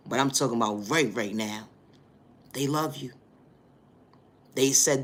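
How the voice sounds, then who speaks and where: A man giving a preachy spiritual motivational monologue, repeating stock phrases and building to loud, emphatic bursts. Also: mid-range voice, fairly even intonation, moderate pace, pauses often. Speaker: spiritual reader.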